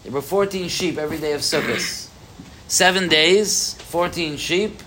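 A man teaching a Torah class to a live group, animated, with rhetorical questions and frequent restarts. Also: fairly high pitch, a little slow, slight background noise.

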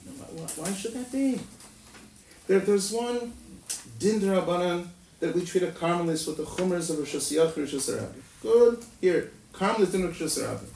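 A Talmud teacher gives a lively lecture, firing off rhetorical questions and ending many lines with a sing-song "no?", his pitch leaping suddenly. His voice has vocal fry. The echoey room is recorded from a distance with faint noise.

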